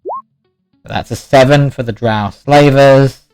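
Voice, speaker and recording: A man running a tabletop game as game master, animated and laughing often. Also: mid-range voice, slow pace, faint music behind, poor audio. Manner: animated, laughs often, shouts in-character lines.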